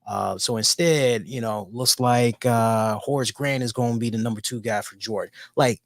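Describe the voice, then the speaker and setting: A man's voice: medium pitch, moderate pace, dry recording, clean studio sound. A man co-hosting a talk show, ranting casually with lots of swearing and jokes. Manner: animated, heavy swearing, jokey. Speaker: podcast co-host. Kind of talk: casual profane rant.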